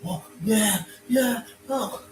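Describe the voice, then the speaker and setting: A man voicing a shifty young male friend who mutters in a hushed, furtive way while hiding a stolen guitar. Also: high voice, drawn-out words, pitched above the performer's own voice, low-quality recording.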